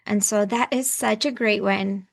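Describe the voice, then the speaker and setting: A woman's voice: mid-range voice, steady tone, a little slow, vocal fry. A woman parenting coach who hosts the show, speaking in an affirming, encouraging way. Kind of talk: coaching conversation.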